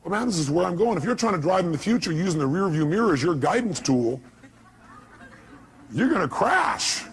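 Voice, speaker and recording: A man's voice: high-pitched, expressive, fast, hardly any pauses, low-quality recording. A man giving an emphatic motivational speech to a live audience, firing off rhetorical questions. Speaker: motivational speaker.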